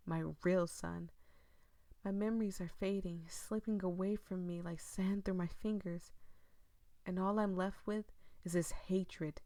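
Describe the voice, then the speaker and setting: A woman voicing an elderly, grieving mother in a horror game, reading in a hushed, intense way that drops into whispers. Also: fairly low pitch, no echo. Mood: haunted, despairing. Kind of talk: dramatic reading of game text.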